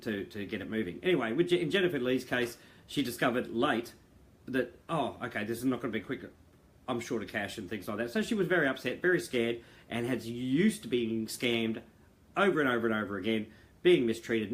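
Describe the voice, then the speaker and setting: A man's voice: medium pitch, a little fast. Middle-aged man, earnest rambling talk to members over a video call, lots of fillers. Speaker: founder addressing members. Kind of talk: casual monologue to viewers. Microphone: video call mic.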